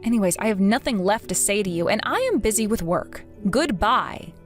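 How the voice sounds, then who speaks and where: A woman's voice: mid-range voice, lively intonation, a little fast, faint music behind, close to an everyday voice. A woman voicing a fed-up grown daughter who bluntly and coldly refuses her family. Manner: blunt, cold, firm. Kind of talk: text-story voice acting.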